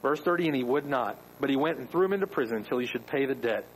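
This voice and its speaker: A man's voice: mid-range voice, lively intonation, fast, rough recording. Pastor guy preaching hard, voice jumps all over, bit of hiss behind. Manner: emphatic preaching with rhetorical questions. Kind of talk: sermon.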